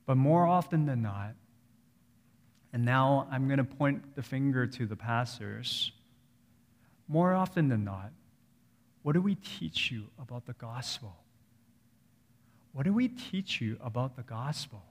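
A man in his thirties preaching a sermon as a pastor, conversational, repeating phrases and swinging from quiet low asides to raised emphatic lines. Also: sing-song, a little slow. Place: church sanctuary. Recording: reverberant church hall.

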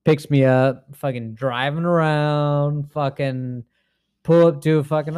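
A man's voice: on the high side, fairly even intonation, measured pace, darkish tone, clear, resonant tone, no echo. A young man tells a story in loose casual chat, packed with filler words and swearing. He acts out the voices of the people in his stories. His sound is dry and close, with no room around it. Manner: profane rambling storyteller, heavy filler words. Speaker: podcast co-host.

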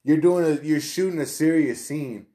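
A man's voice: on the high side, moderate pace, dark tone. A man in casual chat, laid-back and loose, swearing freely and filling his talk with "you know" and "like".

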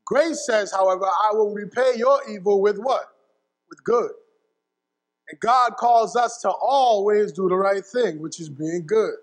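A man's voice: high-pitched, long reverb tail. A young man preaching a sermon, telling a family story with asides and frequent checks of "right?" to his listeners. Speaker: pastor.

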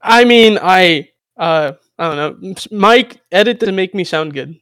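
A man's voice: high voice, animated, unhurried, fairly bright tone, smooth, no room sound, studio quality. A man co-hosting a podcast, telling a story in a joking, mock-innocent way. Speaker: podcast co-host. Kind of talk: crude casual chat.

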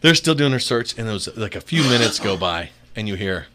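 A man telling a casual story, animated and often breaking into laughter. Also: on the low side, a little fast, heavy background noise.

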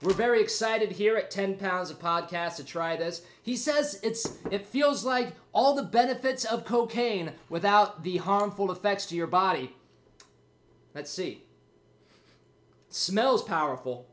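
A man's voice: sits high, a little slow, fairly bright tone. A man hosting his own podcast alone, rambling and joking at his own expense, a bit winded. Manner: rambling, jokey, self-mocking. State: out of breath. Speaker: podcast host. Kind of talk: casual solo podcast chat.

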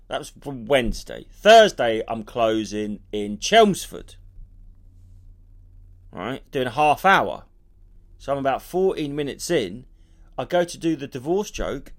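Animated man telling a story. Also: medium pitch, moderate pace. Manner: animated storytelling, swearing freely. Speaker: comedian podcast co-host. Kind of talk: casual podcast banter.

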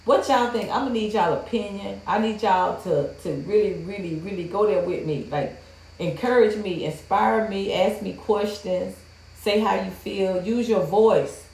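A woman's voice: mid-range voice, measured pace, creaky, darkish tone. A woman hosting a livestream, ranting in a blunt, profane, heated way to her viewers. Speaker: livestream host. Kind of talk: casual livestream rant. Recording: roomy echo.

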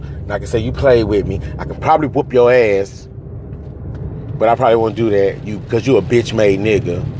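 A man in an angry, profane rant, swinging between raised outbursts and low, bitter muttering. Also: darkish tone, a little hiss or hum.

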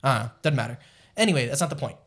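A man's voice: medium pitch, lively intonation, rapid-fire. Rambling male anime podcast co-host. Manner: rambling, lots of fillers and asides, distracted by live chat. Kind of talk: casual chat reviewing anime.

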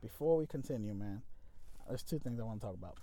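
A man co-hosting a podcast, telling a story in casual, animated chat and swearing freely. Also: fairly low pitch, fast. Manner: animated, swears freely, acts out quoted voices. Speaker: podcast co-host.

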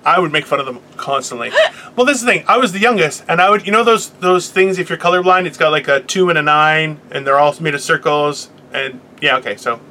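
A man's voice: fairly high pitch, brisk, sharp tone, slight background noise. A man in casual comedic chat, telling crude, self-mocking stories and acting out the voices of the people in them. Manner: acts out quoted voices.

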